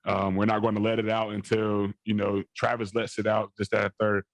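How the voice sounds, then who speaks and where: A man's voice: fairly low pitch, completely flat delivery, fairly quick, no room sound. A young adult man, a college football player, telling a long rambling story in an interview, repeating phrases and leaning on fillers.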